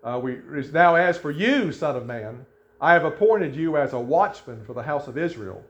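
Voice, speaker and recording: A man's voice: on the high side, lively intonation, normal speed, fairly bright tone, highs cut off. A male pastor preaching a sermon, reading scripture aloud and asking the congregation emphatic questions.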